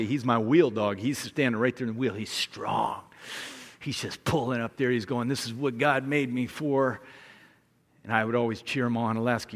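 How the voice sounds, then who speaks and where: A middle-aged man giving a sermon as guest speaker, telling a story with lively acted-out voices. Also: mid-range voice. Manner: animated storyteller, acting out voices. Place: large church hall. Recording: long hall reverb.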